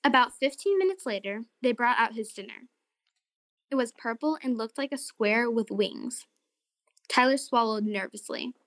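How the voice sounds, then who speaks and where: A woman narrating a children's story and hosting a short segment, in an expressive, friendly way. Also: on the high side, normal speed, dry recording, studio quality.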